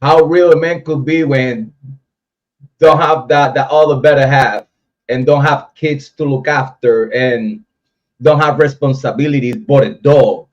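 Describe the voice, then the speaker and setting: A man's voice: medium pitch, measured pace. A man hosting a casual livestream, reading viewer comments and ranting about other content creators. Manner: talks straight to chat, reads comments, ranting. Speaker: livestream host. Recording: dull lo-fi stream audio.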